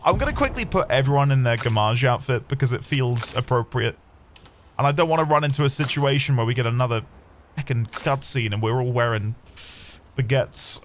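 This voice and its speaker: A man's voice: medium pitch, slight background noise. A man who streams games, talking casually and rambling through his play, swearing lightly now and then. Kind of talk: casual gameplay commentary. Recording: game music playing behind the voice. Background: game music.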